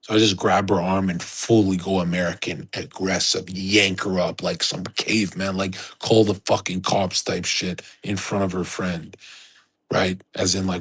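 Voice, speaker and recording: Lowish husky guy on his stream, bragging and cursing his way through a story. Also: steady tone, normal speed. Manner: profane, boastful, rambling. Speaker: livestreamer. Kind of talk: casual storytelling.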